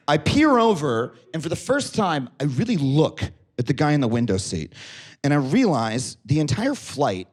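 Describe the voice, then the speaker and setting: A man does a stand-up set on a theater stage before a live audience, telling animated stories with acted-out quotes. His voice is on the high side at a moderate pace, and audience laughter can be heard behind him.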